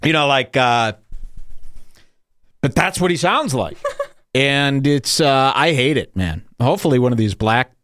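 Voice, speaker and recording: A man hosting a podcast, ranting crudely and mockingly, now and then jumping into high put-on voices. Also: animated, unhurried, long pauses, a bit bright, no room sound, clean studio sound. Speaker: podcast host. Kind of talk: crude comedic podcast rant.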